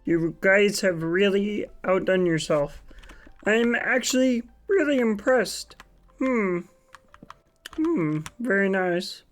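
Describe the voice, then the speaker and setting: Brief: nasal, hummy frog puppet voice, pitched up and soft, a man doing it. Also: animated, slow, soft background music. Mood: pleased. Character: hoarse murmuring male frog puppet.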